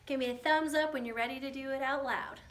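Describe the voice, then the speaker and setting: A woman music teacher giving a recorded lesson to young children, coaching them through warm-ups and rhythms in an encouraging way. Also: sits high, fairly even intonation, quick pace. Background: piano accompaniment.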